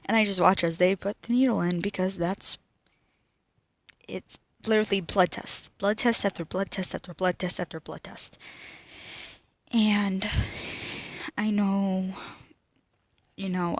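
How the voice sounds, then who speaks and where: A teenage girl speaking to camera about her own life, emotional and halting, often dropping to a whisper. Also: medium pitch, fairly even intonation, creaky, dry recording. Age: teens. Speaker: student vlogger. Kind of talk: personal talk to camera.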